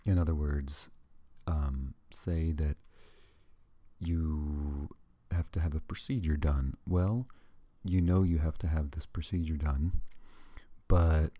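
Very deep, dark-voiced man rambling. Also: fairly even intonation, slow, dry recording. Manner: rambling and digressive, joking asides, self-correcting. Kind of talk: casual monologue.

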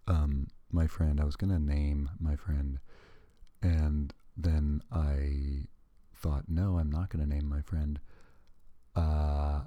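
A man's voice: very deep voice, warm tone, no room sound. A man talking casually to the camera in a rambling, digressive way, with joking asides and frequent self-corrections. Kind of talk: casual monologue.

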